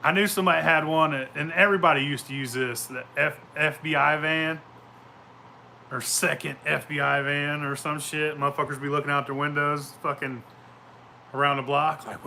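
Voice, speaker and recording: A man's voice: on the high side, fairly even intonation, normal speed, vocal fry, pushed and bright, a little hiss or hum. A man chatting casually outdoors at home, telling rambling, profane stories and laughing often. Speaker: vlogger. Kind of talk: casual chat.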